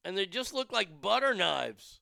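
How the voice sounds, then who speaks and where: A man's voice: high-pitched, big pitch swings, normal speed, creaky, sharp tone, dry recording, clean studio sound. A man hosting a podcast, reading odd news stories and ranting about them with crude, profane, mocking outrage. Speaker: podcast host. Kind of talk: crude comedic news rant.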